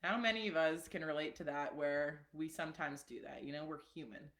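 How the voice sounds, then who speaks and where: A woman coaching on a live stream in a loose, chatty way, full of asides and fillers. Her voice sits somewhat low, and the room adds a noticeable echo. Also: brisk, fairly bright tone. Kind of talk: casual live-stream teaching.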